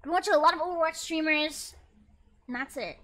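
A woman in her twenties, a streamer chatting casually and reacting to memes in an animated, excitable way. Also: sits high, brisk. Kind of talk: casual chat.

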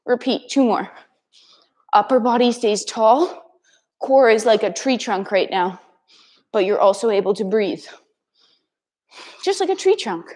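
A woman instructor talks a class through kettlebell moves, counting reps and naming each step in short, brisk cues. Her voice sits a little high, and she takes her time between phrases. Now and then she is out of breath from the workout. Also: animated, a little mellow, poor audio. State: out of breath at times. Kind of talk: live workout class cueing.

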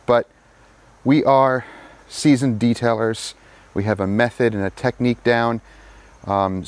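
A middle-aged man casually narrating his vlog in a detailing shop, explaining his work in a relaxed way with fillers. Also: medium pitch.

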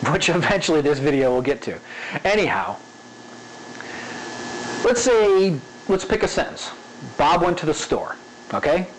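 A man's voice: fairly high pitch, poor audio. A man teaching animation in a casual spoken tutorial, checking in often with "okay?" and repeating an example sentence with varied emphasis. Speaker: animation instructor.

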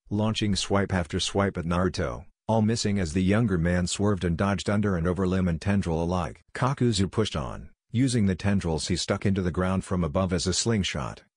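Deep-voiced man reading a story. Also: no room sound, clean studio sound. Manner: steady, descriptive reading. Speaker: narrator. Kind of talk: scripted story narration.

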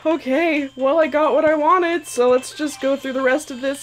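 On her gaming channel, the young woman talks at normal speed with few pauses, her high voice fairly even in intonation. She reacts emotionally to herself and the characters while casually narrating card pulls, with faint game music behind her.

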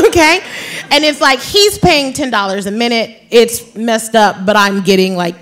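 A woman in her thirties tells a story at a live author event, chatty and quick to laugh. She is from New York and speaks casually, dropping lots of fillers as she goes. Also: fairly high pitch, fairly bright tone. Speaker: author guest. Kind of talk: storytelling conversation on stage.

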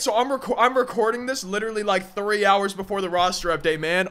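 A young man giving excited gameplay commentary as a gaming channel host, often repeating himself and breaking into loud exclamations. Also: sits high, quick pace, few pauses. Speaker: gaming YouTuber.

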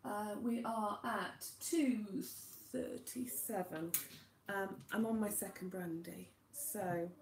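A young woman from Wales chatting quickly on a live stream from her home kitchen, greeting viewers by name while she cooks, recorded on a tablet. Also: medium pitch, fairly even intonation, echoey room, a little hiss or hum. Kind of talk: casual live-stream chat. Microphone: tablet camera.

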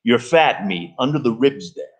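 A man voicing a slow, solemn old rancher in a literary reading, speaking in folksy rural grammar. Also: mid-range voice, expressive, slightly rough.

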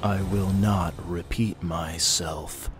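A man voicing an unseen clawed intruder who whispers slow, soft threats. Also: low-pitched, fairly even intonation, over music. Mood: menacing.

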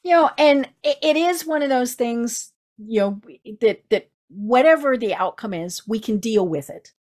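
A woman's voice: a little high, expressive, measured pace, darkish tone. A woman with a Midwestern American accent hosting an interview in a chatty way, full of fillers and restarts. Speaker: podcast host. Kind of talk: casual interview chat.

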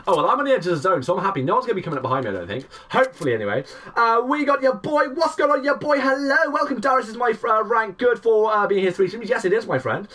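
A young man, giving excitable play-by-play commentary on his live game stream and greeting chat viewers. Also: high-pitched, rapid-fire, few pauses, slightly rough, far from the mic. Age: 20s.

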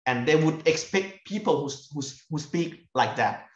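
This man, a university lecturer from northeastern Thailand with a Thai accent, tells fieldwork stories in a lecture. His voice is a little high with lively intonation, and he speaks haltingly, often repeating words to find the right phrase. The recording sounds echoey and somewhat dull, as in a lecture room.

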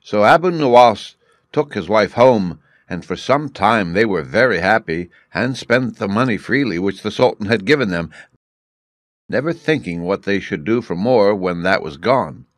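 A man reads a story aloud for English learners in a clear, measured way. His voice sits on the low side. The sound is dry, with no room echo. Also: lively intonation. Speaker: narrator.

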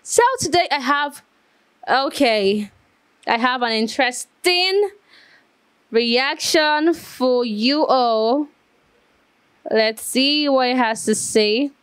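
A woman's voice: high-pitched, takes it slowly, long pauses, a bit bright, clear, resonant tone, no room sound. A woman hosting a reaction video, giving casual commentary in a chatty way and repeating herself as she thinks aloud.

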